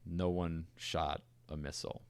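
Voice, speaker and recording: A very deep-voiced man tells a history story for a podcast, relaxed and chatty with fillers and asides. His voice sits close and dry, with little room sound. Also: unhurried, no room sound. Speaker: podcast co-host. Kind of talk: casual storytelling chat.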